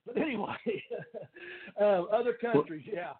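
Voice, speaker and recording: High-voiced country man on a phone line. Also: slow pace, crowd noise. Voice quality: country accent. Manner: animated storyteller, laughs often. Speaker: guest, former pro wrestler. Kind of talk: casual chat, storytelling. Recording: phone-like line with faint noise.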